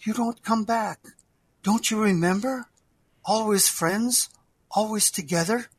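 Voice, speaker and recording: A man's voice: high voice, a little slow, breathy edge, no echo, pitched above the performer's own voice. A man playing a stooped old man who giggles and repeats himself, eager and childlike. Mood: pleading. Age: older.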